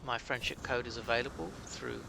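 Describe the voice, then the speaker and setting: A man's voice: medium pitch, fairly even intonation, a little fast, gravelly, background noise. A British man chatting casually with his live-stream chat while playing a game, joking at his own expense. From Britain.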